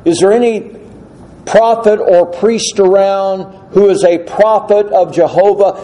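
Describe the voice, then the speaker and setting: A cautious, good-hearted ancient king who questions carefully before he acts, as a preacher puts him on. His voice stays high and soft, and the delivery is slow and wary. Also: fairly even intonation, low-quality recording.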